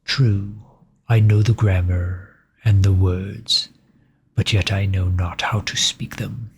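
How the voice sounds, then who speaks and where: A man voicing a courteous old aristocratic male vampire count, in whispered role-play with soft, measured, formal speech. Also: sits low, steady tone, breathy edge, heavily acted. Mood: courtly, ominous.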